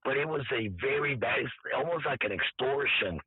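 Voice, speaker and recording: A hoarse man, an event organizer telling a story in halting, repetitive speech, as if his voice is nearly gone. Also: mid-range voice, no echo. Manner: halting, repeats words, quotes others. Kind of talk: casual interview storytelling. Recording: dry tinny phone-like line.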